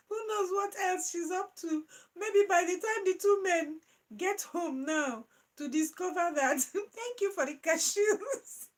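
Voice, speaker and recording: A woman hosting a live-stream chat, reading out viewer comments and laughing through her words in a playful, animated way. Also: high voice, low-quality recording. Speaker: channel host.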